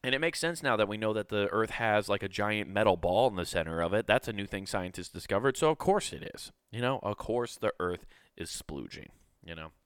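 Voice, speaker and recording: A man's voice: lowish voice, expressive, a little fast, fairly bright tone, clean tone, dry recording, clean studio sound. A man telling a crude, laid-back comic story in casual podcast talk.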